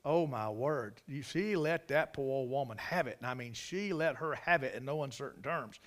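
At a church service, a man with a Carolina Southern accent preaches a folksy sermon, drawling through stories and throwing in emphatic asides. His voice sits in the mid range with a fairly bright tone, and he speaks at a normal speed.

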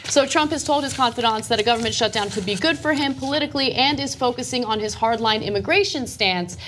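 A woman co-hosting a political talk show, fluently reading out news items and making measured points. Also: a little high, fairly bright tone, slight background noise. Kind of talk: news rundown and political discussion.

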